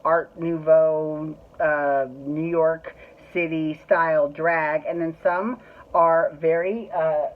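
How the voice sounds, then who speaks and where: A woman talks through a casual solo recap as the show's host, chatty and gushing and quick to swear. Her voice sits a little low. The audio is thin and tinny, like a phone line. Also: fairly even intonation. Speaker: podcast host.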